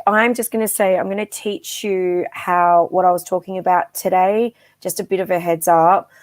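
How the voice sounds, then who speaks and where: A woman's voice: on the low side, darkish tone. A woman hosting a live-stream psychic reading, chatty and affectionate, with frequent ums and endearments. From Australia. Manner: chatty and affectionate, calls viewers darling, many ums. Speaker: psychic medium guest host.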